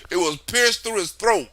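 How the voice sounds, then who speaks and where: A man's voice: sits high, sharp tone, dry recording. A man hosting a livestream, talking in a loose, profane political rant, laughing often. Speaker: livestream host.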